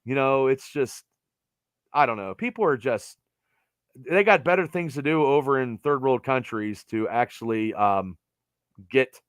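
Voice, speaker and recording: A man's voice: mid-range voice, measured pace, pauses often, smooth, no echo. A middle-aged man from Pennsylvania hosting a podcast, chatting casually and rambling with lots of fillers. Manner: rambling, animated, trails off with fillers. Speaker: podcast host. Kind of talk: casual sports chat.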